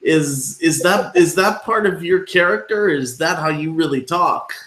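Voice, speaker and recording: A man hosts an interview, talking slowly and circling through fillers and restarts before landing on his questions. His voice echoes in a roomy space. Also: on the high side, fairly bright tone. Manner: rambling, many fillers and restarts. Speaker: podcast host, interviewer. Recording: echoey room.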